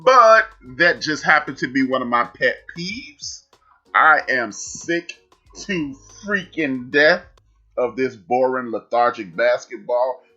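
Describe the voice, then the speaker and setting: A man in his forties hosting a sports talk podcast, emphatic and animated with shout-outs. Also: mid-range voice, takes it slowly. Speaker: podcast host. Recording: dull lo-fi sound, faint music.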